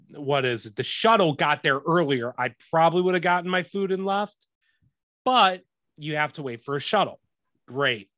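A man with a higher voice and a bright, forceful tone tells a story as a casual, exasperated rant full of swearing. He is a podcast host talking to his co-host, and the sound is dry and close. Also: dry recording.

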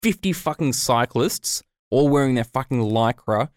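A man's voice: mid-range voice, normal speed, no room sound, clean studio sound. Sweary ranting man. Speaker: podcast co-host. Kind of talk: casual chat.

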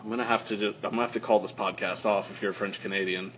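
A man's voice: on the low side, fairly even intonation, racing, a bit bright, a little hiss or hum, poor audio. A man from Texas co-hosting a comedy podcast. He teases and needles his partner with crude, goofy jokes. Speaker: podcast co-host. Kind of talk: improvised comedy podcast banter.

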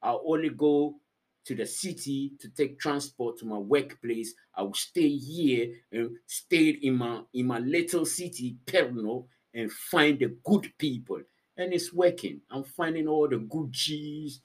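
A man's voice: fairly high pitch, slightly rough. Rambling slangy man on a live stream. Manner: loose, rambling, repeats himself, slangy. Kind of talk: casual live-stream chat.

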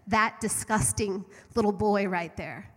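A woman's voice: mid-range voice, measured pace, close to an everyday voice. A woman voicing a cruel, gloating witch queen in a storytelling sermon, taunting and accusing. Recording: long hall reverb.

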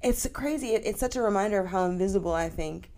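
A woman co-hosting a podcast, talking in an expressive, affirming and colloquial way in casual chat. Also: mid-range voice, fast. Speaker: podcast co-host.

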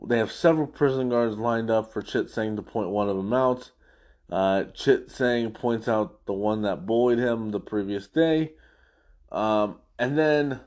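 A man's voice: on the low side, darkish tone. A man hosting a casual after-show, recapping an episode as an enthusiastic fan who rambles through the plot. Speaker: podcast host.

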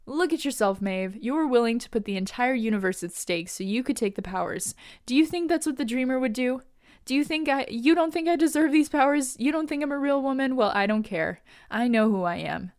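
A woman's voice: a little high, animated, moderate pace, a little mellow, natural voice. A woman voicing a defiant young superheroine who speaks emphatically and confrontationally.

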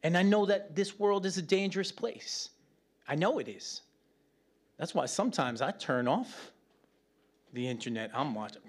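A man teaches from scripture in a loose, conversational sermon. His voice sits a little high for a man, and he stays animated and chatty throughout. He drops joking asides to the room as he talks. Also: normal speed, pauses often. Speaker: preacher.

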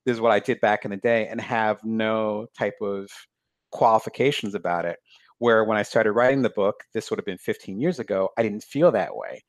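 A man speaks in a relaxed, reflective way about his work as an author, often pausing on fillers. His voice sits on the low side, and the sound is dry and close with no room echo. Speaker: author, guest. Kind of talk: casual conversation.

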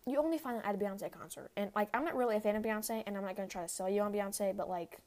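A young woman rambles through her casual solo podcast as its host, full of fillers, "like" after "like," and quick bursts of laughter. Her voice is medium in pitch and a little mellow.

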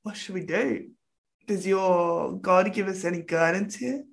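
A woman's voice: on the low side, a little slow, vocal fry. Woman player in a tabletop game, chill and jokey. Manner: casual, playful.

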